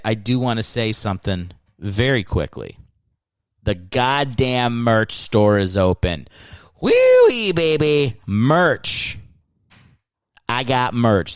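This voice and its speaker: A man's voice: medium pitch, no echo. A man hosting a solo comedy podcast, riffing sarcastically with plenty of swearing. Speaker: podcast host.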